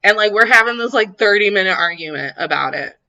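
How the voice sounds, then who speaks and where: A woman's voice: mid-range voice, a little fast, poor audio. A woman co-hosting a podcast, telling stories in casual chat with lots of laughter and the odd swear word. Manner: animated storytelling, laughs often, swears. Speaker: podcast co-host.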